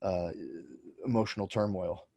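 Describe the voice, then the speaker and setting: A man's voice: low voice, steady tone, normal speed, dark tone. A man, a comedian, talking as a podcast guest in casual chat, rambling with many restarts and swearing freely.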